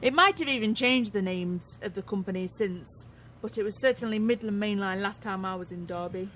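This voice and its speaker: A middle-aged English woman co-hosting a radio show in casual banter, blunt and quick to swear. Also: medium pitch, fairly bright tone, slight background noise. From England. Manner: blunt, swears freely, laughs often.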